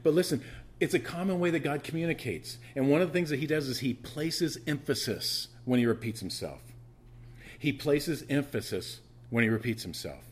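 Man, pastor, sermon, husky voice, repeats lines for emphasis, loud emphatic bursts, conversational asides. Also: medium pitch, lively intonation, moderate pace. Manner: conversational teaching with frequent restarts and asides.

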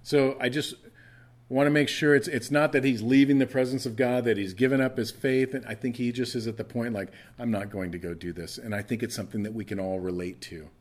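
A man's voice: medium pitch, steady tone, fairly quick. A middle-aged male pastor preaching a sermon in a conversational way, often restarting his phrases.

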